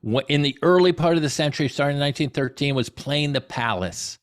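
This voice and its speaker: A middle-aged man, a comedy historian answering audience questions in an animated, digressive storytelling way. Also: a little high, fast. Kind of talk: conversational Q&A talk.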